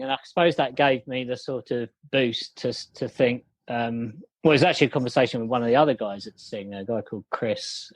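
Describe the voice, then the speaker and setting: A man's voice: mid-range voice, no echo. A man telling a story over a call, rambling with many fillers and restarts. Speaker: guest, company founder. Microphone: video call.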